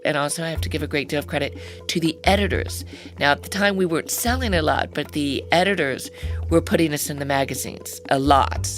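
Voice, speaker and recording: A middle-aged woman with a low voice tells her founding story in a relaxed, chatty way. She laughs easily and slips into her relatives' voices as she talks. Faint music sits under her voice. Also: brisk. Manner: chatty, laughs often, acts out quoted voices. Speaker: guest, handbag company founder. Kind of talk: conversational interview storytelling.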